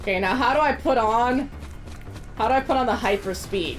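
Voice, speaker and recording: A woman's voice: a little high, normal speed, faint music behind. A woman streamer chatting playfully while she plays a game and reads its text aloud. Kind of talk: casual gameplay commentary.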